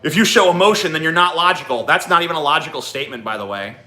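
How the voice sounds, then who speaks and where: A man's voice: fairly high pitch, expressive, very fast, bright, forceful tone, faint music behind. A man hosting a livestream, ranting profanely and combatively at his chat. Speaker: livestream host.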